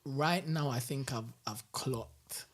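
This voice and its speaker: A man, a guest on a casual podcast interview, telling animated stories and laughing often. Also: medium pitch, slow pace. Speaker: guest musician and bus driver.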